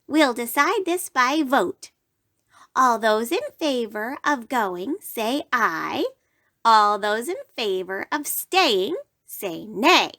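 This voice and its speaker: A woman's voice: on the high side, expressive, takes it slowly, sharp tone, heavily acted. A woman voicing a smug, bossy little male bug who calls a vote.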